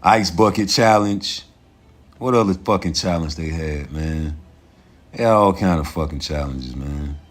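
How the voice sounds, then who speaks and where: A man's voice: low-pitched, a little slow. Profane man ranting on a livestream. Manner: profane, animated, laughs often. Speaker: livestream host. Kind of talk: casual livestream rant.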